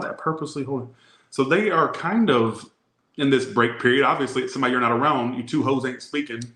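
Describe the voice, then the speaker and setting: A man with a Southern accent reads tarot and rambles through crude, joking asides. His voice is bright and forward. It rings in an echoey room. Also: medium pitch. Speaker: tarot reader. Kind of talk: casual tarot reading to camera.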